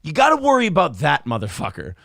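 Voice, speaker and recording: A man's voice: fairly high pitch, wildly swooping pitch, fast talker, gravelly, a bit bright, no echo, studio quality. A man hosting a morning show, chatting casually and jokingly, acting out little bits in character voices. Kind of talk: casual comedic chat.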